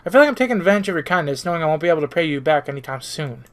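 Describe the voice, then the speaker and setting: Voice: mid-range voice, expressive, rapid-fire, close to an everyday voice. A streamer reading the part of an awkward, grateful young man down on his luck in a visual novel, dry and self-mocking. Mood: earnest.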